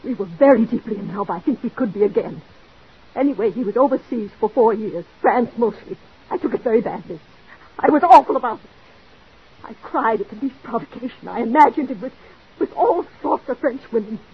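On a dull old recording from a 1940s radio drama, a woman plays a desperate, jealous wife, pleading in an overwrought, heavily acted way. Her voice is on the high side and expressive, with a breathy edge and a fairly quick delivery.

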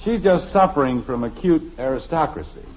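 Man as a dry-witted patient father, lively delivery, lo-fi old radio sitcom recording. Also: a little high, normal speed, a little hiss or hum, lightly acted. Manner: dry, wry understatement. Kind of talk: 1950s radio sitcom acting.

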